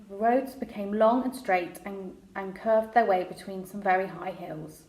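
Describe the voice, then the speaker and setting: A woman reading a children's novel aloud chapter by chapter, in a relaxed, conversational way with small restarts. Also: mid-range voice. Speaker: storyteller. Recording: roomy echo.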